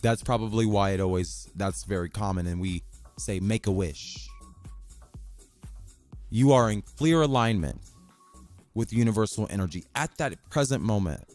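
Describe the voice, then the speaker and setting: Low-voiced man rambling on his podcast. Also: moderate pace, long pauses, faint music behind. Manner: rambling, excitable, swears casually; reads passages aloud from a website. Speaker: podcast host. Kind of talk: casual solo podcast talk. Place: bedroom.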